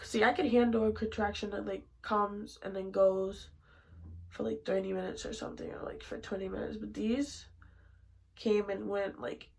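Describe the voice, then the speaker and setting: A young woman vlogger telling a personal story in casual chat, animated, dropping to hushed asides and then bursting out loud. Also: medium pitch, moderate pace, vocal fry, low-quality recording.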